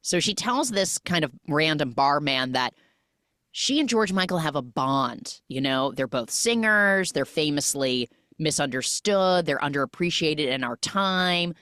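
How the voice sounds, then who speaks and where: A woman with a low voice hosts a podcast and recaps a movie scene by scene. She talks casually and acts out the characters' lines as she goes. The sound is dry and close, with no room around it. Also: unhurried, no echo. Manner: animated storytelling, acts out quoted lines. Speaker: podcast host.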